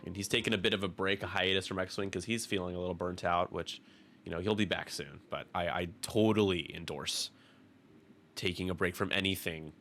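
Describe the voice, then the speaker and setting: Deep-voiced, chatty male game commentator. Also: steady tone, a little fast, fairly bright tone, slight background noise. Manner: chatty, rambling, with frequent restarts. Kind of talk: casual stream commentary.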